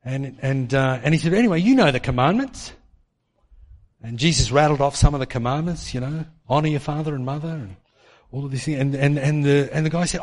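A man preaching a sermon in an animated way, acting out the voices of people in his stories. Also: on the high side, a little fast. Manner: animated, acts out quoted voices. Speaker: pastor. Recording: long hall reverb.

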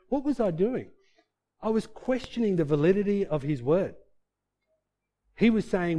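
Expressive male preacher, mellow voice. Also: a little fast. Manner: expressive, swings between loud emphatic bursts and quiet low asides. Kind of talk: sermon.

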